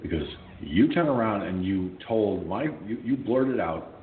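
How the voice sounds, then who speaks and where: A low-voiced man hosts a call-in radio show and tells a blunt, profane story with a lively, swinging delivery. His voice comes through a tinny, phone-like line that sounds echoey, with a faint hum underneath. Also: unhurried. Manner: blunt and profane, animated retelling. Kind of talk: casual storytelling.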